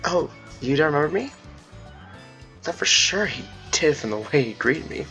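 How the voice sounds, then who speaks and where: A man voicing a big, friendly furry man with an attempted British accent, calm and kindly reassuring. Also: on the high side, measured pace, soft background music, heavily acted.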